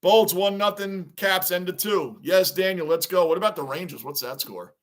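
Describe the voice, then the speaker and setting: A high-pitched man talks casually through a live baseball stream. He chats with his viewers and reads their comments out loud. He sounds like a frustrated fan watching his team. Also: normal speed. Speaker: live stream reaction host.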